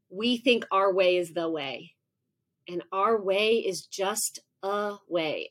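A woman in her forties, a professor guest in an interview, telling a lively personal story and acting out her own thoughts. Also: medium pitch. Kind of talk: conversational interview.

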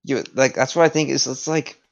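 A man's voice: medium pitch, steady tone, a little fast, gravelly. A man in a casual podcast chat who rants heatedly and swears constantly. His voice sits in a middling range. The audio is dull and lo-fi. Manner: profane, heated ranting. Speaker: podcast co-host.

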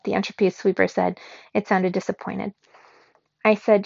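A woman reading a children's novel aloud in the first person, expressive, giving the characters their own voices. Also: medium pitch, moderate pace, gravelly, pauses often, no echo. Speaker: reader. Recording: dull lo-fi recording in a dry room.

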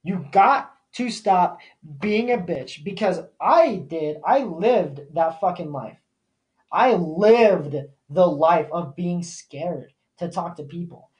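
A man's voice: high-pitched, a little mellow, highs cut off. A young man hosting a podcast, delivering a blunt, profane and fired-up motivational rant. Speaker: podcast host.

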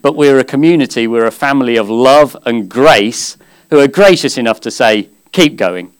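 A man's voice: medium pitch, moderate pace, clear, resonant tone. Earnest male preacher giving a sermon. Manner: earnest, conversational, with gentle humor. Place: church service.

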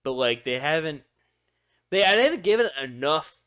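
Smooth-voiced man hosting a casual chat. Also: on the high side, very animated, normal speed, fairly bright tone. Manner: loose, laughing, full of fillers and restarts. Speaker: podcast co-host.

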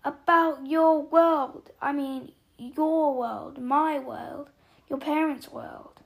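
A huge, hot-tempered male giant, gruff but kind at heart, read by a woman. He booms and growls, stretching words out slowly for emphasis, with a gravelly rasp under a fairly high pitch. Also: darkish tone. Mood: indignant. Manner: booming, growling, drawn-out emphasis.

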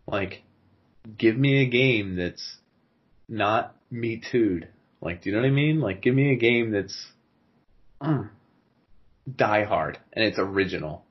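Husky dude riffing on a podcast, voice bounces up and down, kinda lo-fi. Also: male voice, on the low side, animated, unhurried, pauses often. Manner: joking, riffing, playfully over the top. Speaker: podcast co-host. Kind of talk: casual comedy chat.

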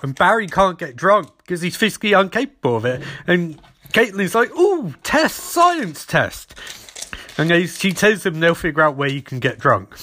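A young man recapping and reviewing a TV episode in a casual, animated way, swearing freely. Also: a little high.

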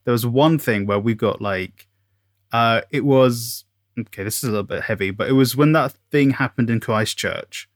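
A man co-hosting a podcast in casual chat, speaking haltingly with many pauses. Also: mid-range voice, no echo, studio quality. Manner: halting, full of fillers and restarts. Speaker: podcast co-host.

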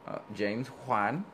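A man's voice: medium pitch, a bit bright, slight background noise. A man co-hosting a podcast in casual chat, often laughing and reading movie blurbs aloud. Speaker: podcast co-host.

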